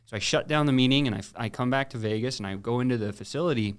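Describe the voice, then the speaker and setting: A middle-aged man on a podcast, telling his story in a casual, animated way, with slang and frequent restarts. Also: medium pitch, racing, clean tone.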